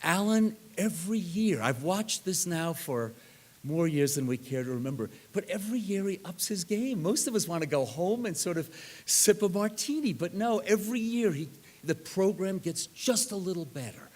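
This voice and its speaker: Older man, storytelling talk, animated anecdotes, slightly high voice, conference room. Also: normal speed. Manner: animated anecdote teller, acts out others' lines. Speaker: speaker at a scholars' reunion.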